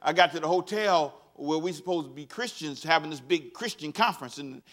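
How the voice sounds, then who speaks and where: His voice a little high and his pace fairly quick, a pastor preaches a lively, folksy sermon. He leads the congregation in call-and-response and laughs at his own storytelling.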